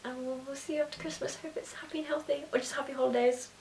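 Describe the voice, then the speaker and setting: A woman chats on a podcast, giggly and rambling, in a fairly high voice. She sits a little back from the mic. The room rings with echo. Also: steady tone, rapid-fire, gravelly, darkish tone. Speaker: podcast co-host. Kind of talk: casual chat. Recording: echoey room, distant mic.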